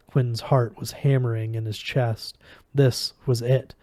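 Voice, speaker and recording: A man reading a novel aloud, steady with small stumbles. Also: medium pitch, measured pace, no room sound. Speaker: audiobook reader.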